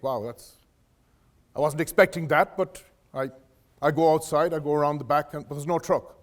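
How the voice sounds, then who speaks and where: A man's voice: a little high, steady tone, moderate pace, pauses often. A middle-aged man giving a leadership lecture to students, telling career stories in a conversational way and often restarting his phrases. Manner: anecdotal, restarts phrases, addresses audience directly. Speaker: guest lecturer. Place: lecture hall.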